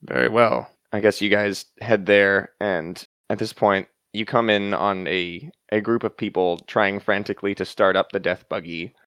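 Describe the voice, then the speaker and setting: A man running a tabletop role-play as game master, narrating in a relaxed, halting way full of fillers. His voice is deep and smooth, with a resonant tone. It is recorded dry, with no room sound. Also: no echo. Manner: relaxed, hesitant with many fillers.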